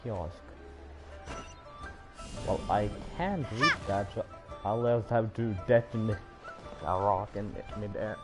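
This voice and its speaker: Deadpan Japanese-accented man streaming a game. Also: on the low side, a little slow. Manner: chatty, deadpan, muttering asides, swears. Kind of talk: casual gaming livestream commentary. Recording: voice over loud game music.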